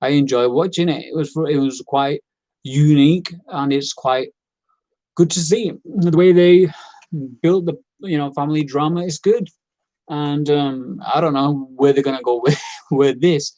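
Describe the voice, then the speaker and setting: A man's voice: a little high, steady tone, unhurried, mellow, no room sound, low-quality recording. A man giving a casual, opinionated wrestling review, rambling with fillers and repeats. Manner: acts out quoted lines in character.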